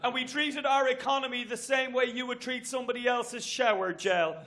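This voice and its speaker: An Irish man doing a stand-up set on a comedy stage. He talks briskly and chattily and works the crowd with asides. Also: extremely high pitch, fairly even intonation, bright, forceful tone. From Ireland. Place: comedy venue stage with audience.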